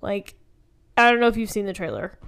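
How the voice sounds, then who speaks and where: A woman co-hosting a podcast in casual chat, bubbly and quick to laugh. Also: smooth. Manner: bubbly, laughs often, high squeals when excited. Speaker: podcast co-host.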